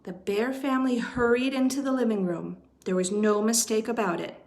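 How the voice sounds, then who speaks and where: A woman storyteller reading a children's storybook aloud, expressive and unhurried. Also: a little high.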